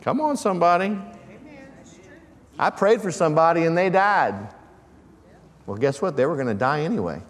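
A man's voice: a little high, lively intonation, a little fast. A man preaching a sermon as pastor, calling out questions to his congregation. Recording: long church reverb.

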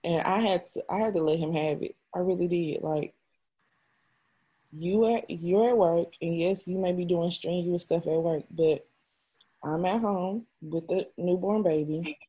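Frank young woman with a low, husky voice. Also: unhurried, dark tone. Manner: raw, emotional and frank, with frequent swearing. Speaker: interview guest. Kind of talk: candid personal storytelling.

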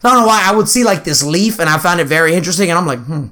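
A young man chats in a slightly high, bright voice. He sounds laid-back, laughs often and curses casually. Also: animated, racing. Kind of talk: casual chat.

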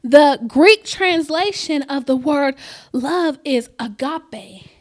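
A woman preaching a sermon, reading scripture deliberately and building her points to loud, emphatic declarations. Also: high-pitched. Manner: reads scripture slowly and deliberately.

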